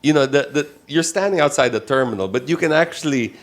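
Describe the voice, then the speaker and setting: A man telling a travel story with lively, laughing energy on a casual talk show, acting out voices in the quotes. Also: mid-range voice, fast. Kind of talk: animated storytelling chat.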